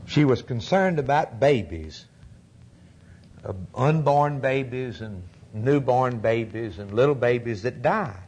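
A man preaching a fervent sermon, emphatic and repetitive, with a husky voice. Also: mid-range voice, lively intonation, unhurried, darkish tone.

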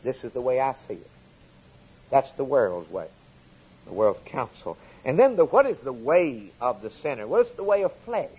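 A man's voice: medium pitch, sing-song, normal speed, dark tone, breathy edge, poor audio. A man preaching a sermon, repeating phrases in an emphatic cadence that swells and drops. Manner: repetitive emphatic preaching cadence, rising and falling.

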